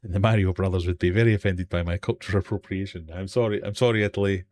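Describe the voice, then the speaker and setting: A man's voice: deep voice, steady tone, fast talker, darkish tone. A man with a British accent hosting a live-stream quiz from his fish room, reading questions and joking with the chat. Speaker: quiz host.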